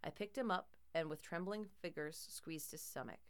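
A woman's voice: low voice, moderate pace. A woman narrating a first-person horror story in a tense, dramatic way.

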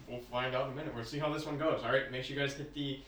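A man's voice: mid-range voice, fairly even intonation, rapid-fire, noisy background. A young man co-hosting a casual podcast chat, joking around, laughing often and using slang. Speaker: podcast co-host. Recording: echoey room, far from mic.

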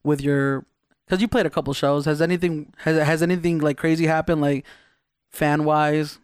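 Podcast host man, easygoing, halting restarts, higher pitch, dry close sound. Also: fairly even intonation, clean tone, no echo. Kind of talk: casual podcast chat.

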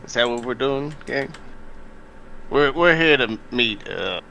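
A bumbling jester adventurer, played by a man at a tabletop game, who stumbles through his words at a slow, lilting pace. The tone is bright and the pitch swings widely. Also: lively intonation, slight background noise, full character voice. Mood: earnest. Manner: halting, stumbling in-character speech.

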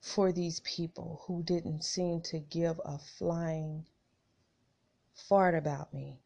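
Slowly and flatly, a podcast host with a deep, dark, husky, creaky voice reads scripture and talks casually to her listeners. She calls them "y'all" and repeats phrases for emphasis, and the recording is dull and lo-fi.

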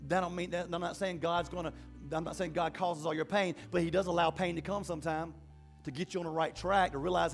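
High-voiced impassioned male pastor preaching. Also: little pitch movement, fast talker, soft background music. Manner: impassioned preaching with repetitions and restarts. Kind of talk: sermon.

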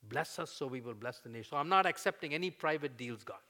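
A man preaching a sermon, conversational with fillers, building to loud, emphatic peaks as he voices prayers. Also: medium pitch, animated, quick pace. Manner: fillers and restarts, conversational teaching.

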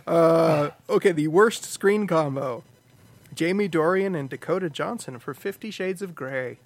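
A man's voice: fairly high pitch, unhurried, vocal fry. A man hosting a comic book podcast, joking and laughing often as he talks. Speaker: podcast host. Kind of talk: casual comedic chat.

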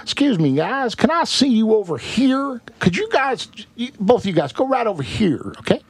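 A man's voice: extremely high pitch, very animated, moderate pace, husky, pitched above the performer's own voice, heavily acted. A man doing an impression of a smug male TV host who talks in a mocking, theatrical way to his audience. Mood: falsely polite.

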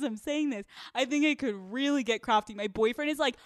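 A woman's voice: high-pitched, brisk, few pauses, no echo, studio quality. A woman hosting a podcast in casual chat, candid and profane, laughing often. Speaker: podcast host.

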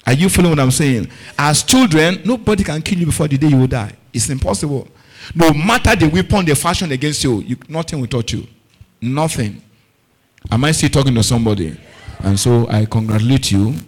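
Fervent preacher, higher voice. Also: male voice, lively intonation, brisk. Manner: call-and-response questioning of the congregation; fervent, emphatic repetition. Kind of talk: sermon.

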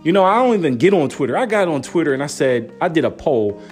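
A young father and sports fan vlogger rants into his phone camera about his basketball team, firing off incredulous rhetorical questions in an animated way. His voice is a little high, with soft music in the background.

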